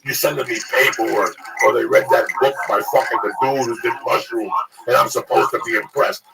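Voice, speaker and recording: A man hosting a podcast, ranting in a combative, heavily profane, animated way. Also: a little high, creaky. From New Jersey / New York area. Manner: loud, swearing, combative, animated. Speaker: podcast host. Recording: far from mic, loud background noise.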